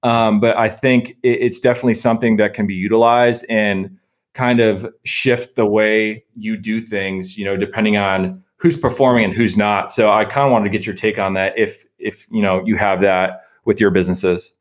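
A man with a lowish voice hosting a relaxed podcast chat. He speaks thoughtfully and hesitantly, with plenty of ums and restarts as he sets up his questions. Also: moderate pace. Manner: thoughtful, hesitant, with many fillers. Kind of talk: casual podcast conversation.

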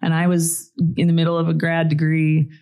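A woman in her forties from Colorado, a podcast guest recalling her past in relaxed, reflective casual chat. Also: deep voice, normal speed. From Colorado, USA.

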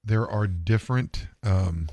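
A man's voice: fairly low pitch, slow pace, dark tone, no room sound. A man hosting a podcast, talking in a rambling, profane, chuckling way. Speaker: podcast host. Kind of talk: casual chat.

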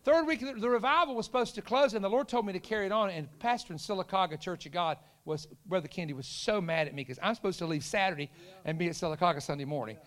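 A man's voice: sits high, fast talker, hardly any pauses. A middle-aged man, preaching a storytelling sermon and acting out the voices of the people in his story. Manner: animated, acts out quoted voices, shouts punchlines.

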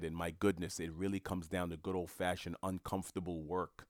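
A man's voice: sits low, flat delivery, fairly quick, no room sound, clean studio sound. A man delivering a motivational monologue, emphatic and repetitive, in a coaching tone. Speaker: motivational speaker.

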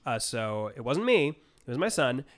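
A man co-hosting a movie review podcast, talking at an even middle pitch. He recaps the plot with heavy swearing and dry sarcasm, and he drops into short mocking impressions of the characters. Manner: sarcastic, swears a lot, acts out scenes in quick voices. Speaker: podcast co-host. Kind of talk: casual movie review chat.

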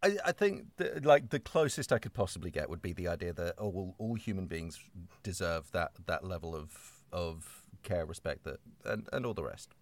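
A man with a fairly low voice talks casually about recording his role. His pitch rises and falls animatedly as he rambles and restarts his sentences. The sound is dry, with no room echo. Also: animated, normal speed. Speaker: voice actor in cast Q&A. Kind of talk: casual chat.

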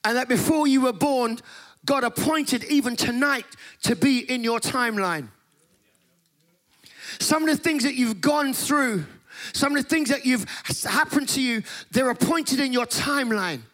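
High-pitched, impassioned male preacher. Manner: impassioned, shouting and half-singing phrases. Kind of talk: sermon. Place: conference hall.

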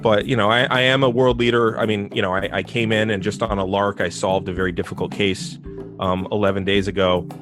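A man playing a podcast adventure game, chatting wryly with halting restarts. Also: deep voice, little pitch movement, over music. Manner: wry, joking, halting restarts. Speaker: player. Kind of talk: casual chat.

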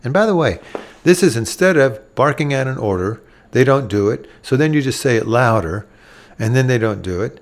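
A middle-aged man hosts a parenting talk at a middle pitch. He speaks earnestly and acts out the gentle words a parent might say to a child. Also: animated, brisk. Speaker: parenting podcast host. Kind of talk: instructive talk.

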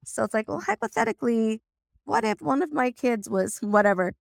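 A woman hosts a podcast conversation with a scratchy, gravelly edge to her voice as she recovers. She talks effusively and gratefully, tripping over and restarting her sentences. The sound is close and dry. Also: a little high, sing-song, brisk, no room sound. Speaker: podcast host. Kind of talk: casual interview chat.

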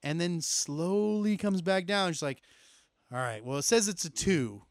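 A man in casual chat, animated and quick to laugh. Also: high-pitched, dry recording, studio quality.

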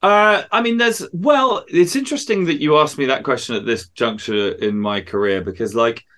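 A man who is a musician guest in a casual interview, talking in animated stories and swearing freely. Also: mid-range voice, moderate pace.

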